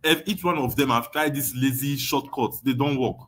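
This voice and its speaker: A man's voice: medium pitch, moderate pace, a bit bright. A young adult Nigerian man teaching an online webinar, emphatic, repeating his points and often asking "you understand?". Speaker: online course tutor.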